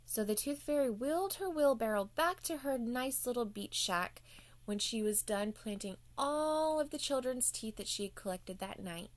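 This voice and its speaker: A woman's voice: on the high side, animated, moderate pace, dry recording. A woman telling a playful bedtime story to children as the show's host.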